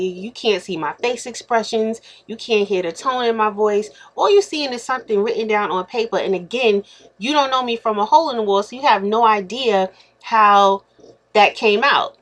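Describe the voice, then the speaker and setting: A woman in her thirties speaks on a casual vlog, laying out her side of a dispute. She is blunt and straightforward, and she acts out the quoted exchanges as the story unfolds. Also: medium pitch. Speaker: YouTuber.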